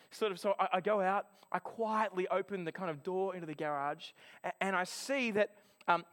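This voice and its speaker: A man delivers a sermon in a high, light voice. He tells his story in an animated, chatty way. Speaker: preacher.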